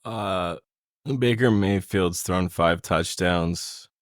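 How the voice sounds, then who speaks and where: A man with a lowish voice co-hosting a casual podcast, excitable and quick to joke and curse. The sound is dry and close, with no room around it. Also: dry recording. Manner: excitable, joking, swears freely. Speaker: podcast co-host. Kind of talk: casual chat.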